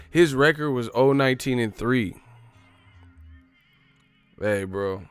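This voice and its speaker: A man doing loose, joking boxing commentary for his online channel, in slangy street talk with quick put-on voices. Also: mid-range voice, fairly bright tone, clear, resonant tone, no echo, faint music behind. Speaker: boxing YouTuber. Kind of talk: casual comedic boxing commentary.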